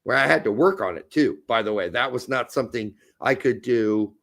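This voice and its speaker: A man co-hosting a podcast in casual, crude chat, loud and excitable. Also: mid-range voice, brisk, gravelly. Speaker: podcast co-host.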